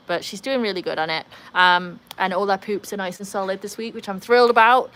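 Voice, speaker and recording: A woman's voice: mid-range voice, a bit bright, slight background noise. Chatty British woman hosting a livestream. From United Kingdom. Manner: chatty and upbeat, rambling, quick asides to her dogs. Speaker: livestream host. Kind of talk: casual livestream chat, reading viewer comments aloud. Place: at home with her dogs.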